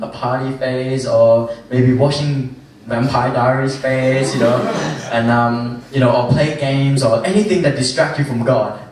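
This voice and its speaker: A young man giving an informal youth sermon, rambling with lots of fillers and restarts. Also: medium pitch. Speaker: youth speaker. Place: church hall. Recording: very echoey hall, from far off.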